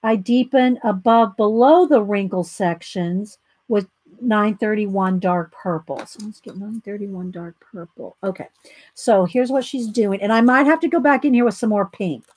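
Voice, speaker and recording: A chatty host of a live coloring demonstration, this woman with a Southern American accent laughs easily, greets viewers by name and reads out steps between her own remarks. Her medium-pitched voice, at normal speed, is a little mellow with a breathy edge, recorded dry.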